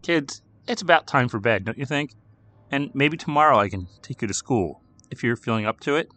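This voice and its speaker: A man voicing a tired, gentle mother who speaks hesitantly and soothingly to her children. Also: medium pitch, lively intonation, fairly quick, voice pushed up.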